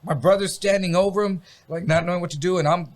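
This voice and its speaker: A man's voice: sits high, quick pace. A man casually telling a story on a podcast, swearing freely and acting out sounds. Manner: profane, animated, acts out sounds. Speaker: podcast guest.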